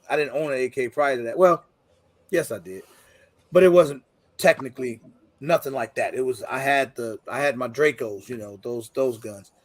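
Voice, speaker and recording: A man's voice: medium pitch, no echo. A man hosting a casual livestream chat, laid-back and joking, full of slang. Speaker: podcast host.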